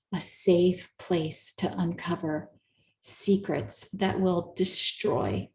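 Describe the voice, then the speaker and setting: A woman therapist giving an earnest, coaching talk to a live audience, slowing down to stress her points. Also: on the low side, vocal fry, darkish tone, echoey room. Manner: earnest, coaching, slows down for emphasis. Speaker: therapist and speaker.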